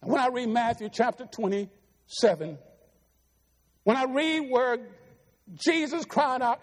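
A man's voice: high-pitched, lively intonation, measured pace, long pauses. A middle-aged man preaching a sermon in a church, pleading earnestly with his listeners. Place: church sanctuary. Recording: long reverb of a church hall.

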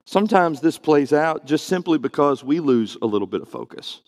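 A man delivering a sermon with an earnest, emphatic manner, his slightly raised voice carrying a gravelly edge. He slows down and speeds up to stress his points, and his words ring out with a long reverb through a church hall. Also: a little high, very animated. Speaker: preacher.

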